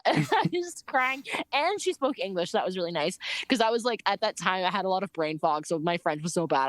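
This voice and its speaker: A young woman casually telling a story about her bike trip, animated, laughing often and filling her talk with "like". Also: on the high side, fast, no room sound.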